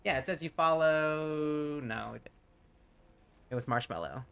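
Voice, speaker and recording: On a live stream while gaming, a man from Tennessee chats loosely with viewers, rambling and wandering off topic. His voice sits on the high side and is a little slow, with vocal fry and a slightly bright, clear, resonant tone.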